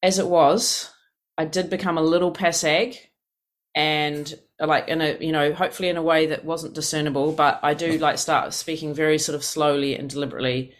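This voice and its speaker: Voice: medium pitch, flat delivery, brisk. A person in their fifties from New Zealand with a New Zealand accent, tired and yawning, telling a story in a frank, exasperated way. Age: 50s. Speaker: speaker sharing at a recovery meeting. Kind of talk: personal sharing, casual storytelling.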